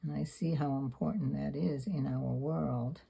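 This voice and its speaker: Gravelly older woman musing while painting. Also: extremely low pitch, steady tone, measured pace, dark tone. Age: 70s. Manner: rambling, candid, self-deprecating. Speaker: sketchbook artist. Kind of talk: casual reflective talk while painting.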